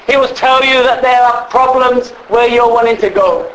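A man's voice: very high-pitched, steady tone, moderate pace, hardly any pauses, fairly bright tone, rough recording. A man preaching in a church, telling a story in a conversational way, repeating words and asking the listeners questions. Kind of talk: storytelling sermon.

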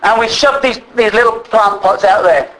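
Male preacher, fairly high voice, earnest sermon delivery that slows for emphasis. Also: fairly bright tone, rough recording. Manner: earnest, slows down to stress scripture.

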